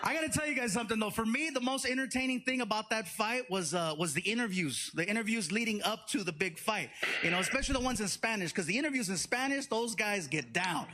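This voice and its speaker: A man doing stand-up comedy, telling a story in an animated, chatty, playful way. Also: high-pitched, quick pace, few pauses, slight background noise.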